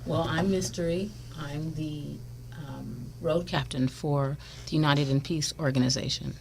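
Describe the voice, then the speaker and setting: Very low-pitched, gravelly woman. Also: fairly even intonation, measured pace, background noise. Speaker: guest, road captain. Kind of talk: casual chat.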